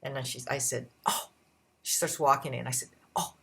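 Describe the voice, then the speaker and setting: A woman vlogger telling a personal story in a casual, animated way, her voice jumping up when she acts out what people said. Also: normal speed, creaky. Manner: animated retelling with shifting pitch and pace.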